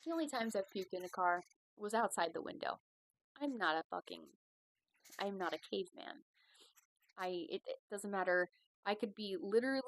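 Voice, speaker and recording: This is a casual solo podcast in which the young female host rambles through a long story, swearing and poking fun at herself. She speaks in a mid-range voice, and the audio quality is poor.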